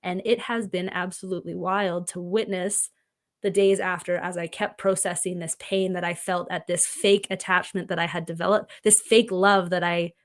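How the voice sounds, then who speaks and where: Podcast guest: woman, slightly low voice, earnest storyteller. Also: steady tone, normal speed. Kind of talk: conversational podcast chat.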